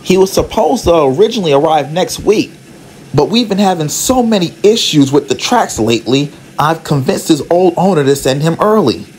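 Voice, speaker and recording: A man voicing a businesslike woman who owns a railroad, speaking in a brisk, matter-of-fact way. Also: a little high, animated, darkish tone, a little hiss or hum, pitched above the performer's own voice, close to an everyday voice.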